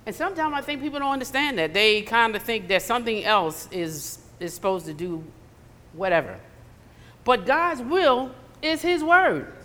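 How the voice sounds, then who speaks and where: A woman's voice: on the high side, expressive, normal speed, sharp tone. A woman preaching a conversational sermon in a church, slipping into acted asides. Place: church sanctuary. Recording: long hall reverb.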